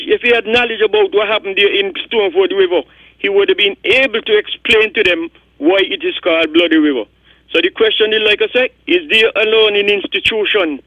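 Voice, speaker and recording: Older kittitian guy on a call-in show, rambly, keeps repeating himself, highish voice, muffled line. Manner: rambling, repeats words, chuckles. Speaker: radio caller. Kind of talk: call-in radio comment. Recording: muffled phone-line audio.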